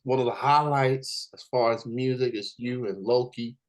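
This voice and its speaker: An easygoing American man hosts a casual interview. His voice sits at an ordinary middle pitch, and he pads his talk with drawn-out fillers and chuckles. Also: steady tone, low-quality recording. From United States. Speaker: host.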